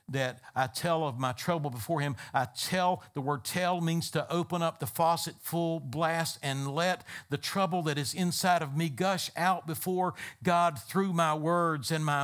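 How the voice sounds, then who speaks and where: A pastor with a slightly high, somewhat bright voice preaches a sermon. His delivery is emphatic, with a repetitive preaching cadence that builds on repeated phrases.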